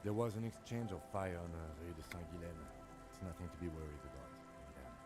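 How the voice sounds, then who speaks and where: An actor playing a calm, formal police lieutenant in a video game. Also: male voice, low-pitched, fairly quick, lightly acted. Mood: reassuring. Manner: composed, formal. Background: loud game music and rain.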